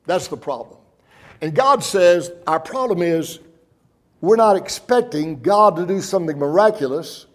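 A man preaching a sermon, telling stories earnestly and with emotion, slowing down for emphasis. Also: on the high side.

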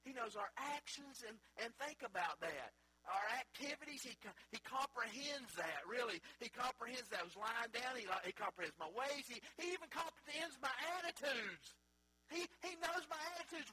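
A man preaching a sermon as pastor in a church, moving between emphatic peaks and quiet asides. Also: very high-pitched, breathy edge, low-quality recording. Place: church sanctuary.

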